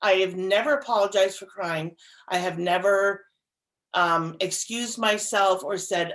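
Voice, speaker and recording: A woman's voice: mid-range voice, unhurried. Woman cohost on a podcast, earnest and emphatic, says things twice to drive them home. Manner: earnest, emphatic, repeats phrases for stress. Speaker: podcast co-host. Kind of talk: casual podcast conversation.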